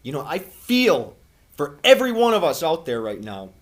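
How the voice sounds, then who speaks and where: A male vlogger speaks to the camera in an impassioned spiritual monologue, earnest and preachy, with long dramatic pauses. His voice sits fairly high and swoops wildly in pitch.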